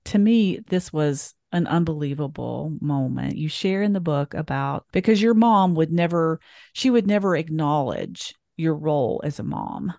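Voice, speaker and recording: A woman's voice: low-pitched, lively intonation, moderate pace, vocal fry, a little mellow, dry recording. A woman hosting a podcast, asking a guest attentive questions about her book. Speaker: podcast host. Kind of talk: interviewing a guest.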